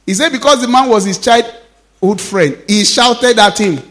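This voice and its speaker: A Nigerian pastor in his fifties preaching a sermon as an animated storyteller, laughing often and dropping Yoruba phrases into his English. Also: sits high, unhurried. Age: 50s.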